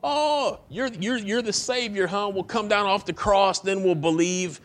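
A man's voice: high voice, a little slow, pitched above the performer's own voice. A man voicing a jeering mocker who taunts a dying man with sarcasm. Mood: mocking. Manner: sneering, sarcastic. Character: jeering male crowd mocking a dying man.

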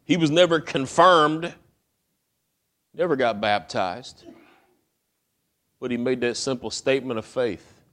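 A man's voice: medium pitch, expressive, a little slow, pauses often, fairly bright tone. A male pastor preaching a sermon in a folksy, conversational way, often repeating words as he builds his point.

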